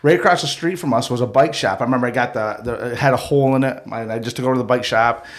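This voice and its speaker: A man's voice: mid-range voice, very fast. A man tells a childhood story to friends on a podcast, loose and chatty. He jumps into the voices of the people in the story as he goes. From Mohawk community of Akwesasne. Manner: animated, acts out the people in his stories. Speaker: podcast co-host telling a story. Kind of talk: casual storytelling.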